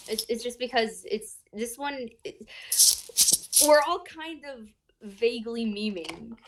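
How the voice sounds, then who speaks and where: A chatty woman talking casually with friends about their tabletop campaign. Her voice sits fairly high, and she laughs easily between her remarks. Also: expressive, takes it slowly, low-quality recording. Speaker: player. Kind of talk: casual chat among friends.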